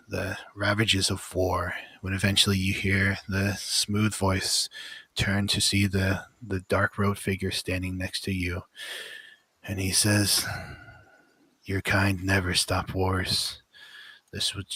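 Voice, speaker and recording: A man narrating as game master of a tabletop game, setting dark scenes in a slow, dramatic way. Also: low-pitched, husky, no room sound.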